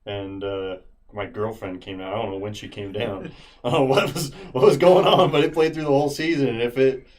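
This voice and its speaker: A man co-hosting a podcast, telling stories in animated casual chat and laughing often. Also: mid-range voice, a little fast. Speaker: podcast co-host.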